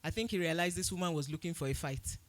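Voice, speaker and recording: A Nigerian woman speaking to an event audience as its host, telling a story with lively, loud acted-out quotes. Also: fairly low pitch, quick pace. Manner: animated storytelling, acts out quotes loudly. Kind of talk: speech at a live event.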